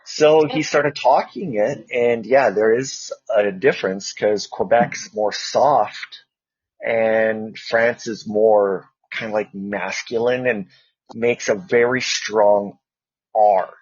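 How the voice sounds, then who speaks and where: A man's voice: on the low side, steady tone, takes it slowly, breathy edge, dry recording, dull audio. A Canadian man co-hosting a casual chat podcast, telling rambling stories full of fillers. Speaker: co-host.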